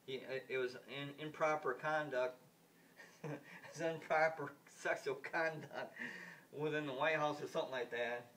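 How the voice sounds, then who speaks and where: A man's voice: on the high side, steady tone, unhurried, fairly bright tone. A man delivers a rambling vlog rant in a slightly raised voice, blunt and indignant. He circles back and restarts his sentences again and again. His voice sits a little distant from the microphone. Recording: voice distant from the mic.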